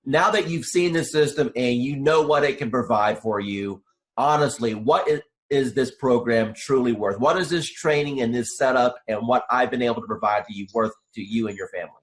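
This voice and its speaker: A man hosting a client interview, asking measured, leading questions. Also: mid-range voice. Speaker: interviewer and program host.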